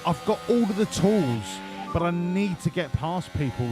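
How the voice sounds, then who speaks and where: Brief: male streamer, rambling and profane, animated voice over loud game music. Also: high voice, moderate pace. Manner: sweary, joking, rambling. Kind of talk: live-streamed gameplay commentary.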